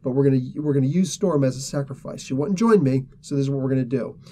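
A man's voice: mid-range voice, fast, dark tone, natural voice. A man voicing a scheming, immortal male demon sorcerer in a casual retelling, bossy and menacing.

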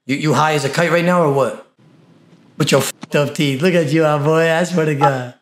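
A man's voice: on the high side, steady tone, moderate pace. Brash, echoey young man from Brooklyn. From Brooklyn, New York. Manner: brash, teasing, trash-talking slang. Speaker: streamer chatting with strangers. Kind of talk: casual video chat banter.

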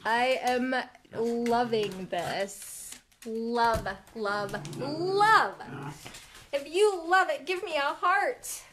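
A woman hosting a live paint pouring demo from her home studio, chatting with viewers in a giggly, easily excited way. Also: high voice, slow pace, background noise. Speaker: art studio host. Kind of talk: live craft demo chat. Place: home studio, dogs in the house. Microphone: live stream from a phone or camera.

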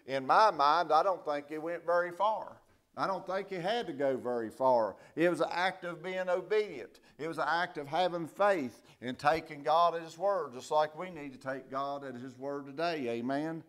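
A male pastor, preaching a sermon, reading scripture quietly and rising to loud emphatic preaching. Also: on the high side, normal speed.

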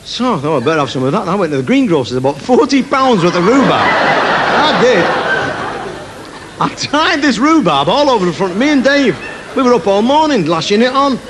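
Man, live stand-up, animated, fairly high voice, laughing crowd, faint hiss. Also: moderate pace. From Manchester, England. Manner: animated, jokey, telling anecdotes with put-on voices. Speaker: comedian. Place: large theatre stage. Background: audience laughter.

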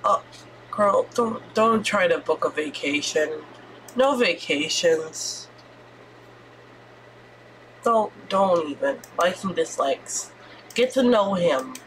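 A woman streamer giving excitable let's-play commentary, squealing and swearing as she reacts. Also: on the low side, slow, long pauses, slight background noise.

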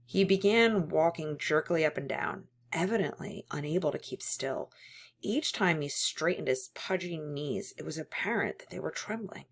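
A woman reading a novel aloud in a measured, steady narration. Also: sits low, breathy edge. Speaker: audiobook reader.

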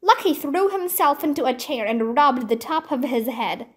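A woman reading a children's mystery book aloud, slow and careful. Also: high voice, sing-song, husky. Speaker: storybook reader.

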